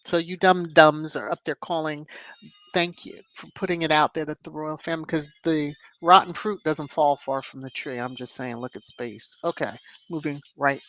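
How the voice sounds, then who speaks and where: A woman hosts a relaxed livestream, reading viewers' comments and adding sassy, chatty remarks. She punctuates her talk with knowing hums and easy laughter. The sound is dry and close, with no room echo. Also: deep voice, normal speed. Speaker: livestream host.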